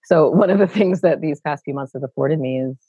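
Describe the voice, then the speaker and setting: A middle-aged woman from Brooklyn with a low contralto voice tells her stories as a podcast guest. She is animated and expressive and acts out the voices she quotes. The audio is dry and a little dull, like a remote call. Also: a little fast, breathy edge, no echo. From Brooklyn, New York. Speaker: guest, actor and educator. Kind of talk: conversational interview storytelling.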